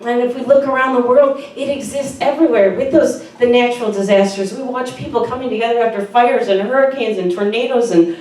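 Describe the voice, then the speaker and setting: A woman pastor giving a sermon in an earnest, conversational way, with soft fillers, in a church sanctuary. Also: fairly high pitch, a little fast, few pauses. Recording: very echoey room from far off.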